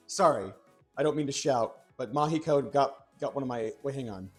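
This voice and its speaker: A young man chatting on a cooking livestream, rambling and excitable, with playful exclamations and restarts. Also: medium pitch, normal speed, husky. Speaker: streamer. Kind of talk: casual cooking livestream chat. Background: faint background music.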